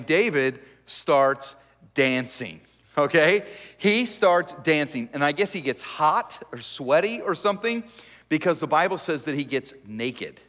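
A man preaching as a pastor, telling the story in a joking, animated, conversational way. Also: on the high side, long reverb tail. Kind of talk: conversational sermon. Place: church sanctuary.

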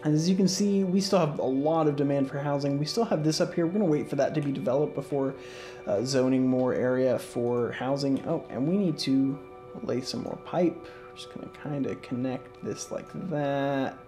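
A man hosting a casual let's-play, talking through his moves in a relaxed, rambling way with lots of fillers and restarts, yawning and sleepy. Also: medium pitch, moderate pace. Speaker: gaming channel host. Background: faint game music.

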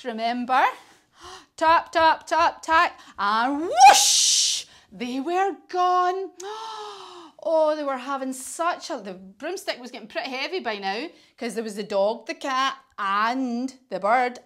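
A woman with a British accent leads a children's yoga class, telling a story in an encouraging, sing-song way as she coaxes the kids along. Her voice is high and a bit bright.

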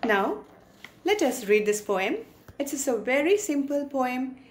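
Explaining vocabulary as she goes, an Indian English-accented teacher reads poetry aloud to her class, occasionally performing brief quotes. She speaks a little slowly in a high, lilting voice.

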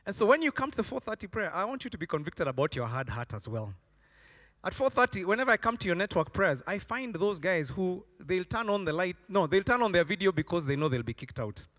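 A man preaches with a high, lively voice that leaps up and down as he acts out stories. His tone is bright and ringing. A long hall reverb trails behind each phrase. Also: brisk. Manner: animated storytelling, acting out voices. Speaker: pastor. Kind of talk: sermon.

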